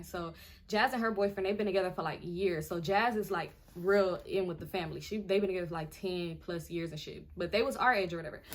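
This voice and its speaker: A woman in her twenties telling a storytime in a chatty, animated way, full of "like" and acting out what people said. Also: medium pitch. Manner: chatty, animated, heavy on filler "like", acts out others' lines. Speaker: vlogger. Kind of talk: casual storytime.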